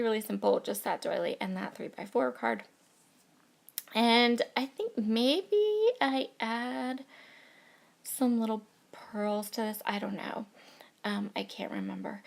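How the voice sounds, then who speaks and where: Woman, thirties, hoarse from a cold, gravelly, chatty crafting chat. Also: mid-range voice. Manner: chatty, bubbly, gushing over cute things. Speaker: scrapbooking crafter. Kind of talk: casual crafting tutorial chat.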